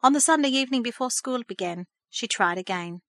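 Bright-voiced woman reading a story. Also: fairly high pitch, lively intonation, a little fast, no room sound, clean studio sound. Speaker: narrator. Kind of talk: scripted storybook narration.

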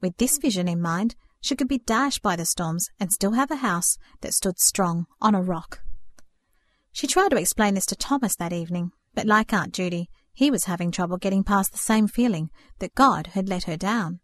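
A woman narrating a storybook in a steady, earnest reading voice. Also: medium pitch, moderate pace, dry recording. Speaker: audiobook narrator.

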